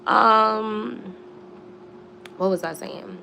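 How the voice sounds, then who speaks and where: A woman's voice: medium pitch, steady tone, extremely slow, gravelly, bright, forceful tone, a little hiss or hum. A young woman telling a storytime on a live stream at home, slangy and chatty, with many asides. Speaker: storytime vlogger.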